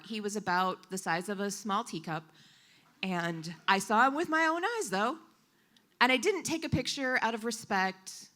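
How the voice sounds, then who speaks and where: Interpreting for a storyteller during a live coffee shop event, a woman of medium pitch gives the story an animated, expressive voice.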